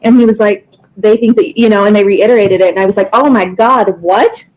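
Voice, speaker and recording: A woman's voice: medium pitch, fairly even intonation, a little fast, poor audio. A distraught woman talking casually in a private conversation, emotional and swearing, with exclamations. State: upset and distraught. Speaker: widow in a recorded private call.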